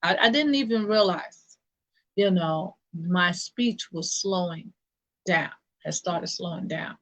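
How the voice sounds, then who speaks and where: A woman who serves as a church deacon tells a personal story, pausing often and circling back with fillers and restarts. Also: on the low side. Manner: halting, with many fillers and restarts.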